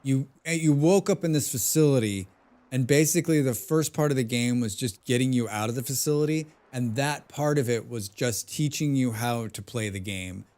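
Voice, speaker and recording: A male game streamer talking casually as he plays. He rambles from point to point, jokes, and pokes fun at himself. His pitch sits in an ordinary middle range. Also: moderate pace, darkish tone. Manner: rambling, joking, self-deprecating. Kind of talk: casual gaming livestream commentary.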